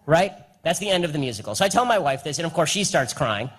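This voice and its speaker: A young man with a somewhat high voice speaks at a live event and answers audience questions. His delivery is rapid and combative, and he hammers points home through repetition. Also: very animated, a bit bright, breathy edge. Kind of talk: live Q&A speech.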